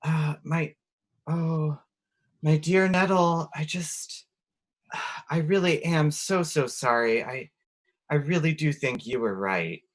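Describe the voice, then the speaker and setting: A man's voice: a little high, slow, long pauses, pitched above the performer's own voice. A man voicing his adventurer disguised as a woman, apologizing in a gushing, hesitant way. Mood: gushing apology.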